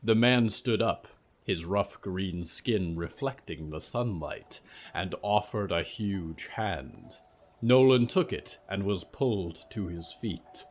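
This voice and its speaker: A man narrating a scripted fiction story in a calm, even voice. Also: sits low, slow.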